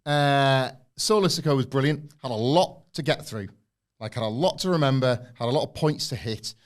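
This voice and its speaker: A man co-hosting a review podcast at a mid pitch, his analysis enthusiastic and rambling. He loops back on his phrases while working through his points. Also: moderate pace. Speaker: podcast co-host. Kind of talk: casual review chat.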